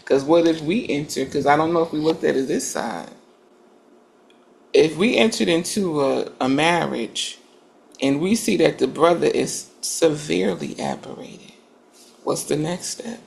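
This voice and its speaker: A woman's voice: low voice, a little slow, creaky, darkish tone. A woman in a casual group discussion, making earnest points and building up to them with emphasis.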